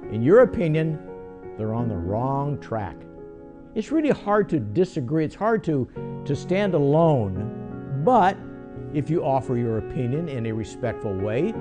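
Reflective priest with a lively voice. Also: male voice, a little high. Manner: gentle, reflective. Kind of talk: short radio devotional.

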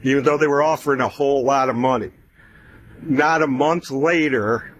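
A man's voice: medium pitch, slight background noise. A middle-aged man telling a personal story in a casual way, acting out the voices of the people he quotes. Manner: animated, acts out quoted voices.

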